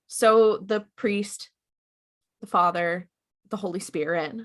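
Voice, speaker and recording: A woman's voice: medium pitch, slow. A woman co-hosting a podcast, retelling a TV episode in casual chat and acting out the characters' lines as she goes. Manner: animated, acts out characters' lines while retelling. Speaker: podcast co-host.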